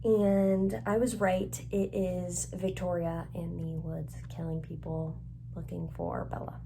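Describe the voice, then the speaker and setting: A woman with a low, gravelly voice chats excitedly through a casual reading vlog. Her tone is mellow and dark, and she fills her speech with "like" and "literally" as she recaps the story. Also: takes it slowly, a little hiss or hum. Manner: chatty and excitable, lots of "like" and "literally". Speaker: book vlogger.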